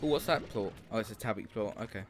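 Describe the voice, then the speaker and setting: Here a young male streamer talks fast in a fairly low voice, giving loose, cheerful play-by-play on his game with plenty of swearing. Game music can be faintly heard.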